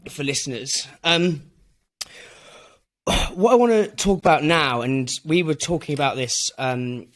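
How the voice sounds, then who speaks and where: A man's voice: fairly high pitch, measured pace, fairly bright tone. A man hosting a podcast, talking in a chatty, rambling way. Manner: chatty, rambling, laughs mid-story. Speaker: podcast host. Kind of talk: casual business chat.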